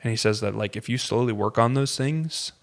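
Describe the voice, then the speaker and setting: A man's voice: mid-range voice, a little fast. A man, a pastor, talking earnestly in casual conversation, with many fillers and restarts.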